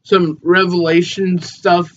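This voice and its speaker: A man's voice: high voice, little pitch movement, slow, fairly bright tone. Easygoing young man, rambling chat. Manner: rambling, easygoing, hesitant fillers. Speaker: podcast co-host. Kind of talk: casual podcast chat. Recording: dull lo-fi mic with faint noise.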